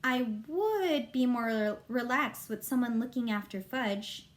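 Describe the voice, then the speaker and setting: A woman doing a high, mild mother. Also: unhurried, close to an everyday voice. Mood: agreeable.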